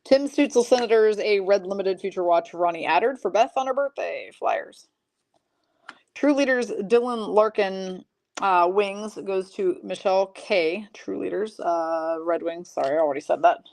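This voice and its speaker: With a gravelly, mid-range voice and darkish tone, a woman from Michigan runs a live card break stream. She chats freely, makes fun of herself, and reels off names at speed.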